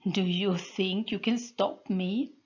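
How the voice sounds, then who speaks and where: A blunt, mocking soldier who jeers at his foe, read by a woman who barely changes her voice. The delivery is slow and plain. The sound is dull and lo-fi. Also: mid-range voice, darkish tone, slightly rough. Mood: jeering. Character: rough, mocking male soldier.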